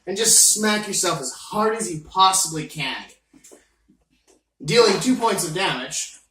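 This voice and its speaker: A playful game master narrates a tabletop game at an unhurried pace. The tone is bright, and the sound is roomy and distant with faint noise. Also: medium pitch, expressive.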